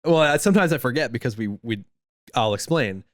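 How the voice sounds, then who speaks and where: In casual podcast chat, a male co-host with a medium-pitched voice talks a little fast and animatedly. He tells stories full of acted-out quotes. The audio is studio quality without any room sound.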